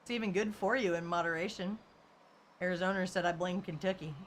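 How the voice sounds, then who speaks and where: A woman's voice: fairly low pitch, steady tone, fairly quick, a little hiss or hum. A woman game streamer in casual live-stream chat, reading viewer comments and rambling through stories with lots of "like" and "you know" and frequent laughs.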